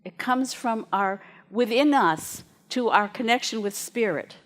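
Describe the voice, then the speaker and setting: A woman minister preaches to her congregation with a slightly high voice. She tells stories in a chatty, lively way and often laughs along the way. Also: a little slow. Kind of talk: storytelling sermon to a congregation.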